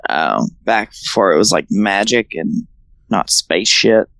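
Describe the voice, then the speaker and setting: A man co-hosting a casual podcast chat, animated and quick to act out quotes in silly voices. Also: on the low side, creaky, no room sound, low-quality recording. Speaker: podcast co-host.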